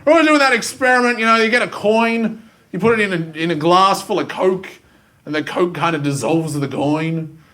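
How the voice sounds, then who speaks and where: Bright-voiced Australian stand-up comedian. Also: male voice, high voice, a little fast. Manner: animated, self-mocking, does silly voices. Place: school theatre with live student audience. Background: faint audience ambience and laughter.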